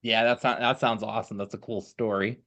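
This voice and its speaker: A man's voice: on the low side, little pitch movement, a little fast, bright, forceful tone. A man hosting an interview show, asking questions in an upbeat way. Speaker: podcast host.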